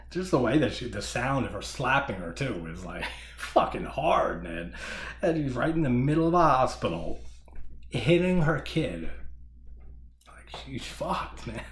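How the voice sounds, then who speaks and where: A man's voice: mid-range voice, fairly bright tone, reverberant. A man giving a casual horror movie review who laughs often, swears casually and rambles.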